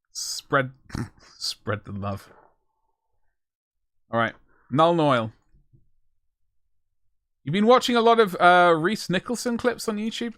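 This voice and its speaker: Clean studio audio with no echo carries a mid-range, fairly bright male voice. While painting miniatures on stream, the young man keeps up casual, jokey chatter, wandering off topic and mocking himself along the way.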